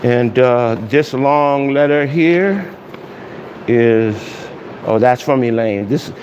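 Rambling pastor in a dull, echoey hall. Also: male voice, medium pitch. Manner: rambling, warm greetings, loose pauses and fillers. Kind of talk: casual online Bible study and prayer. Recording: dull hall echo with faint hiss.

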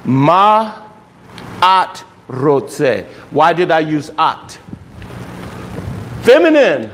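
A man with a fairly high, sing-song, fairly bright voice teaches a language class very slowly, heard over slight background noise in a low-quality recording. Patient and explanatory, he frequently stops to ask "okay?" to make sure his students are following the lesson.

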